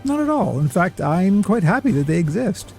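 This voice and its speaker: A man hosting a gaming video, giving measured, somewhat pretentious scripted narration. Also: high voice, big pitch swings, a little mellow, faint music behind. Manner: measured, lofty, a little pretentious.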